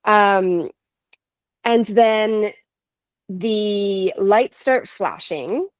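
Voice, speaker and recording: Slow-talking woman telling a ghost story. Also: medium pitch, dry recording. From Canada. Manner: animated, laughs often, quotes others. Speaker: paranormal investigator guest. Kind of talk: casual storytelling.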